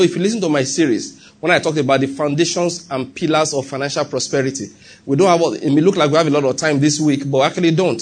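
Husky-voiced male preacher. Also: on the high side. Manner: repetitive preaching, often checks in with the congregation. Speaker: pastor. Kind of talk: sermon.

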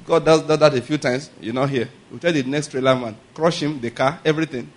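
A man preaching a conversational sermon, often pausing to ask whether listeners are following and chuckling through anecdotes. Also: a little high. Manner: checks in with "are you getting my point?" and "all right?".

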